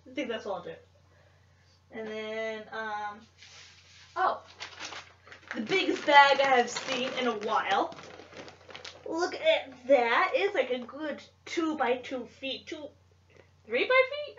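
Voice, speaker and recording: A young woman vlogger chatting casually about her convention haul, chatty and gushing, with lots of fillers. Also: on the high side. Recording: dull lo-fi home recording.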